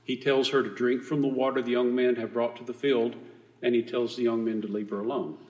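A man teaching a Bible study, reading scripture aloud and explaining it in a relaxed, conversational way, correcting himself as he goes. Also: medium pitch, a little fast, big-room sound.

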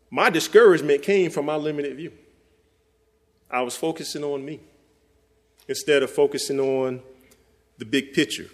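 A man preaching a sermon. He talks conversationally to the listeners and reads scripture slowly and deliberately. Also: fairly high pitch. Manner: conversational, speaks directly to listeners.

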